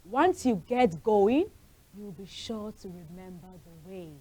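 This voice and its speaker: A woman voicing a caring mother in a gentle, soft-spoken way. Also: mid-range voice, lively intonation, measured pace, breathy edge. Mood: soothing.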